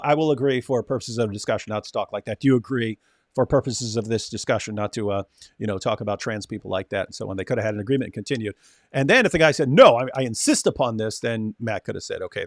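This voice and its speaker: A man's voice: on the low side, fast talker, dry recording, studio quality. A man co-hosting a casual reaction chat, telling stories and acting out the lines of others. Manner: storytelling, acts out quoted dialogue. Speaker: co-host.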